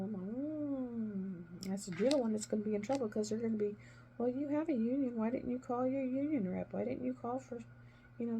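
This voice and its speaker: A middle-aged woman and former nurse chatting casually while she crafts, retelling conversations with emphatic, animated delivery. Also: fairly high pitch, a little hiss or hum.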